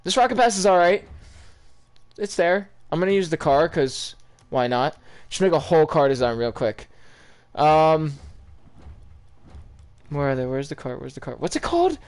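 A man's voice: a little high, normal speed, pauses often, clear, resonant tone. A young man chatting casually over his gameplay, rambling and talking straight to his viewers. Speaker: gaming YouTuber.

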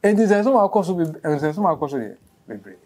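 A Ghanaian man speaking as an interview guest, telling a long story that grows animated and rushed as it goes. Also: on the high side. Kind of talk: emotional interview.

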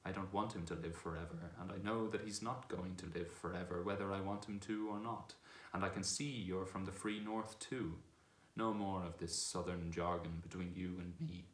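A man voicing a proud, brisk male talking war horse who speaks with scorn and command. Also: low-pitched, fairly even intonation, natural voice. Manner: brisk, commanding, contemptuous at times. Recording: echoey room.

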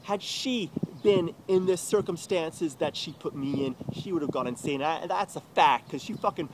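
A man pours out a bitter, swearing confession in a vlog, his voice pitched a little above the usual male range. He sounds agitated and raw throughout. Clear outdoor street noise from passing traffic runs behind him. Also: normal speed.

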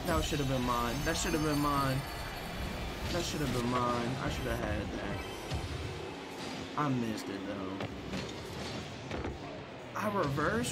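A man's voice: a little high, normal speed, over loud music. A young man hosting a live gaming stream, chatting casually with viewers, upbeat and hyped, repeating himself and apologizing often. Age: young adult. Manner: upbeat and hyped, greets chat by name, repeats phrases, apologetic. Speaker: livestreamer hosting viewer tournaments.

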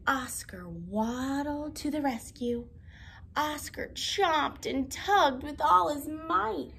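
Expressive woman reading a storybook. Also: high voice, slow pace, creaky, a little hiss or hum. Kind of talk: storybook read-aloud.

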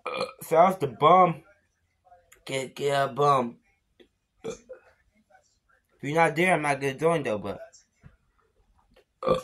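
A man in a rambling vlog, tipsy, cursing and insulting commenters, breaking into sudden loud yells. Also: medium pitch. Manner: slurred, profane and insulting, with sudden shouts. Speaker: beer vlogger. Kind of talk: rambling profane vlog rant.

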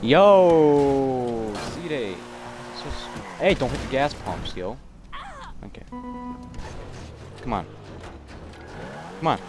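A man's voice: mid-range voice, expressive, unhurried, pauses often, over music. Hyped young man streaming a game. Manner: playful, hyped, talks to chat and game characters. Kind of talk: casual live-stream chatter.

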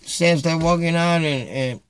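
A middle-aged man casually telling a funny story to his viewers, animated, dropping Spanish phrases and saying "man" a lot. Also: fairly high pitch, a little slow, clear, resonant tone. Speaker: vlogger. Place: Chicago.

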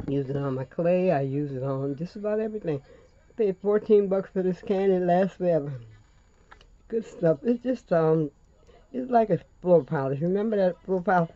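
A woman's voice: fairly low pitch, expressive, normal speed, no room sound, highs cut off. An older woman with a Louisiana accent hosting a chatty crafting tutorial, folksy and rambling, calling viewers honey.

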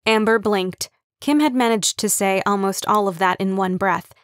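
A woman narrating an audiobook with even, wry storytelling on a close studio mic. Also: mid-range voice, moderate pace, dry recording. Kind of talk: scripted narration.

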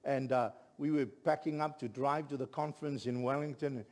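A middle-aged man, a pastor telling a story in a sermon with lively, building delivery. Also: medium pitch, a little fast. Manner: animated storyteller, rising to shouts at climaxes.

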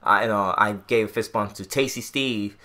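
A podcast co-host from Illinois, talking in an animated, rambling way full of restarts. His voice is bright with a tense edge. He keeps the casual chat going as he tells a long story. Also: on the low side, normal speed. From Illinois, USA.

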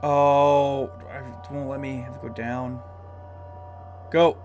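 A man playing a horror puzzle game as a let's-play, easily startled, yelling when scared and talking himself through the tense parts. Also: medium pitch, extremely slow, faint music behind. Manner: excitable, shouts in fright, talks himself through scares. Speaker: gamer.

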